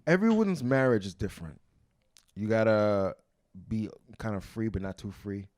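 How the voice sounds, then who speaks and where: A man's voice: lowish voice, animated, normal speed, a little mellow, dry recording. A middle-aged man from Brooklyn, a comedian chatting as a podcast guest in a laid-back, joking way with short answers. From Brooklyn, New York. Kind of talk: casual conversation.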